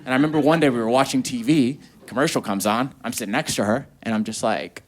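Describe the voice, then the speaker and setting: A man in his thirties performing stand-up comedy, telling a story in an animated, profane way and acting out the dialogue. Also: mid-range voice, fast. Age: 30s. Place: comedy stage before a live audience.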